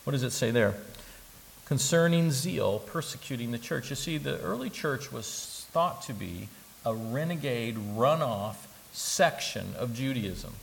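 Gravelly-voiced man preaching. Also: medium pitch, unhurried, slight background noise, low-quality recording. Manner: animated, swings from soft asides to loud emphatic bursts; humorous asides and joking impressions. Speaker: pastor. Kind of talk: sermon.

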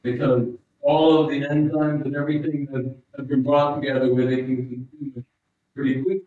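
A man's voice: medium pitch, level tone. Preacher man echoing through a hall. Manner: storytelling, halting restarts, rising emphasis. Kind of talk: sermon. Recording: distant, roomy, muffled hall sound.

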